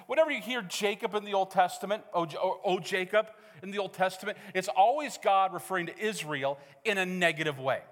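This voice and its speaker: A man's voice: high-pitched, fairly quick, few pauses, a bit bright. A middle-aged man preaching a sermon as pastor, conversational and joking with the congregation. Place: church hall. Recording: reverberant church hall.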